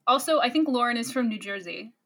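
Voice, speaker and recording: A woman's voice: on the high side, expressive, quick pace, fairly bright tone. A young woman co-hosting a casual book podcast, joking with dry, wry asides. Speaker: podcast co-host.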